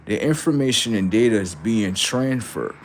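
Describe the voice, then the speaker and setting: A man rants at his livestream audience in a brash, confrontational way, swearing freely and tagging sentences with "right?". His voice sits a little on the low side. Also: expressive, normal speed, slight background noise. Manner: lectures viewers and reacts to chat. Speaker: livestream host. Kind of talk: profane livestream rant.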